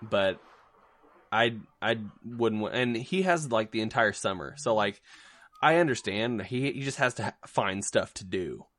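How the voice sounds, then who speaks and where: A man's voice: on the low side, expressive, unhurried, fairly bright tone. A man co-hosting a podcast in casual chat, joking loosely with many restarts and fillers. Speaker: podcast co-host.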